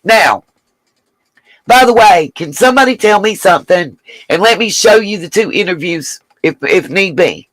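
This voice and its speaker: A woman's voice: mid-range voice, lively intonation, moderate pace, no echo, low-quality recording. Blunt, chatty woman live-streaming. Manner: blunt, emphatic, chatty, swears freely. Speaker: livestream host. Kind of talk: live-stream commentary and chat reading.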